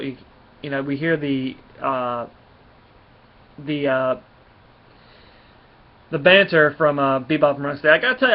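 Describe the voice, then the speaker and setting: A man talks through a comic book review in a casual, rambling way, with many fillers and restarts. His voice sits fairly high, and the recording is dull and lo-fi.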